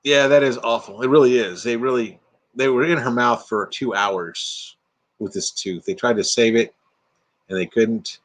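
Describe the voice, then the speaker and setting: Speaking at a normal speed with a medium pitch, a retired man, middle-aged or older, chats playfully on a livestream from inside his RV. He reads out viewers' comments and kids around with them.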